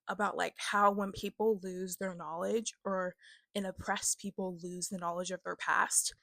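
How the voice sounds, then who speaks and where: A woman's voice: medium pitch, a bit bright, no echo. Chatty young woman, dry close sound. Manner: chatty, leans on filler words, laughs often. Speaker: book vlogger. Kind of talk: casual book review chat.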